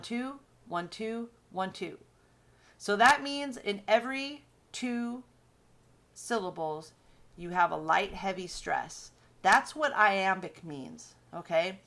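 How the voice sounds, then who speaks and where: A woman teacher lectures her class in a casual, conversational way. She explains patiently, using fillers and quick self-corrections as she thinks aloud. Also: mid-range voice, a bit bright.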